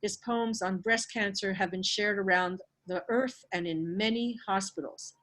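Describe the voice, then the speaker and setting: A woman's voice: medium pitch, unhurried, a bit bright, rough recording. A woman hosting an open mic over a video call, introducing a poet in an encouraging, admiring way. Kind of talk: introducing performers. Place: home, indoors.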